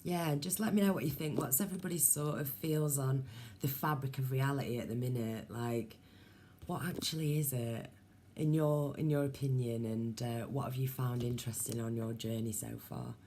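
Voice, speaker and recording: A woman talks straight to her viewers in a loose, wandering vlog, piling up ums and side thoughts. Her voice sits strikingly low, with a dark, mellow tone. A faint hiss of noise runs under her voice. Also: fairly even intonation, moderate pace. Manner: musing, meandering, many ums and asides. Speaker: vlogger. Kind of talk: rambling casual monologue to viewers.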